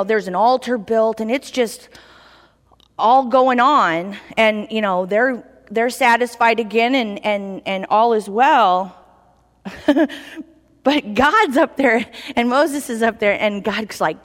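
A woman giving an informal sermon in a church, chatty and animated, acting out little voices as she tells the story. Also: a little high. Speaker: lay preacher. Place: church hall. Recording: reverberant hall.

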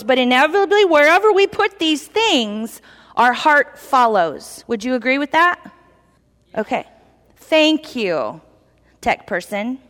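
Woman lay preacher, higher voice, relaxed storyteller, echoing church hall. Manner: chatty, animated storytelling with playful voices. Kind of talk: informal sermon. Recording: reverberant hall.

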